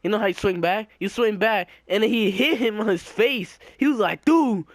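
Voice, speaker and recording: A young man telling a story in casual chat, slangy and profane, animated and laughing, acting out the people he quotes. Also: sits high, moderate pace, no echo, clean studio sound. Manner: slangy, profane, repeats filler "right?".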